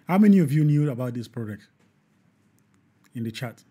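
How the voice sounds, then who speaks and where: Animated male live-show host, husky. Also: mid-range voice, moderate pace. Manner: animated, preachy, hesitant with restarts.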